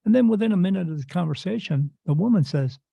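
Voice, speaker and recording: A man's voice: sits high, animated, fast talker, creaky, warm tone, breathy edge, no echo. A man, a medium and interview guest, telling a story in a casual, rambling way and repeating himself before each quote. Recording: dull lo-fi dry recording.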